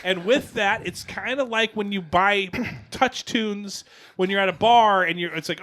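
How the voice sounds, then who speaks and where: A man co-hosting a podcast, trading casual banter, excitable and laughing often as he talks over the others. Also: sits high, unhurried. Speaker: podcast co-host.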